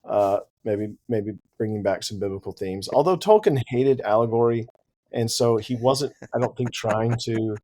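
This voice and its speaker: Animated man chatting about books. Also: on the low side, moderate pace. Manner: animated, laughs easily. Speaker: podcast co-host. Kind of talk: casual book discussion.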